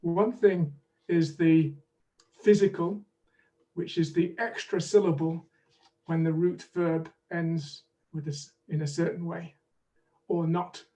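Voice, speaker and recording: High-voiced, unhurried male teacher. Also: steady tone, mellow, distant mic. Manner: measured and explanatory, leads drills. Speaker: pronunciation teaching expert, webinar guest. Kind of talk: online teaching webinar with demonstrations.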